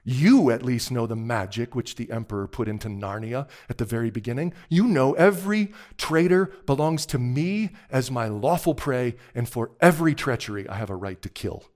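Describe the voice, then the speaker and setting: A man's voice: mid-range voice, animated, moderate pace, hardly any pauses, lightly acted. A man voicing the White Witch, a cold, imperious queen who scornfully demands what she claims is hers. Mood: cold, demanding. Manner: commanding, scornful, rising to loud demands.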